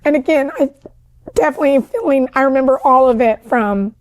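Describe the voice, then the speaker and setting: A woman's voice: high-pitched, a little fast. A woman guest telling a personal story in a chatty way, full of fillers, who calls herself an overachiever and people pleaser. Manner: talkative, with many fillers like "like" and "um". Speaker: podcast guest sharing her story.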